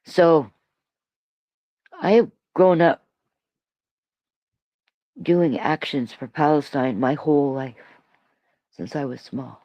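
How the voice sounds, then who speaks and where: A woman from Toronto in her sixties rambles through a solo livestream chat, laughing often and reading comments aloud into her streaming mic. Her low voice moves at a slow pace with long pauses, and the recording is dry and muffled.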